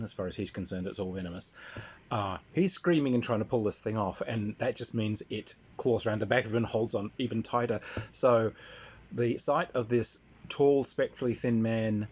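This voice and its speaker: Husky man telling a story. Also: on the low side, moderate pace, darkish tone. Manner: rambling, wry, many fillers. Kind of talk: casual spoken anecdote. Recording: dull lo-fi sound.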